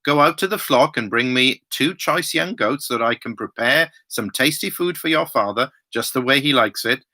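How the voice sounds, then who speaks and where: A man's voice: medium pitch, lively intonation, moderate pace, bright, forceful tone. A man reading a scheming mother. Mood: urgent. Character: scheming mother urging her son. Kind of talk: Bible reading.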